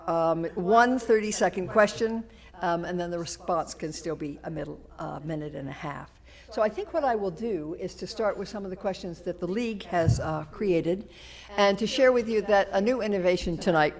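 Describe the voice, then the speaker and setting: With a fairly low, slightly mellow voice and a Massachusetts accent, a woman runs a town candidates forum from a police station meeting room. She speaks loosely, using fillers and restarting sentences.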